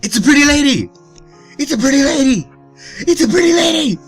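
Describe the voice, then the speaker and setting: A man's voice: animated, fairly quick, faint music behind. A shrieking, smitten young guy. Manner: shrill, squealing, repeated.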